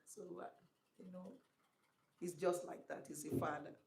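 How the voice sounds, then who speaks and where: A woman telling personal stories in a tribute, animated and becoming emotional as she goes on. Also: on the low side, moderate pace, reverberant. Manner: animated retelling with acted quotes, becoming emotional. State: emotional, voice wavering. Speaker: speaker giving a tribute.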